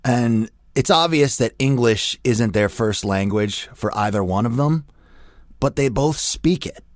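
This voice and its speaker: A man's voice: medium pitch, unhurried, no room sound, studio quality. A young adult man hosting a radio show, delivering a crude, profane, rambling comedic rant.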